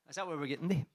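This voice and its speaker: A man's voice: fairly high pitch, mellow. A band frontman bantering between songs at a live streamed gig, out of breath, swearing and joking at his own expense. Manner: sweary, self-mocking jokes. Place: live music venue streamed online.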